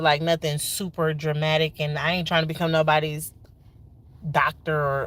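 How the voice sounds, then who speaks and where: A woman's voice: fairly low pitch, pushed and bright. A woman in her thirties with a Georgia accent, venting casually on a livestream and repeating lines for emphasis with folksy Southern slang. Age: 30s.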